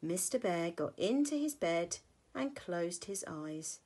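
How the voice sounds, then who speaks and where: Slow, expressive teacher reading a storybook. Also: female voice, lowish voice, breathy edge. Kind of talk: reading a picture book to children.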